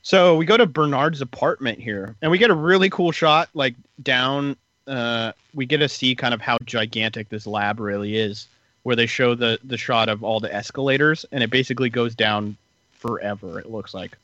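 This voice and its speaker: A man's voice: mid-range voice, normal speed, fairly bright tone, no echo, muffled recording. A man casually retelling story events in a podcast chat, rambling with lots of fillers.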